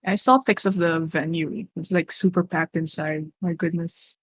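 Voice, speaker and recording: A woman's voice: on the low side, steady tone, moderate pace, breathy edge, dry recording. A woman hosting her gaming group on a voice call, teasing and giggly. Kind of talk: casual chat.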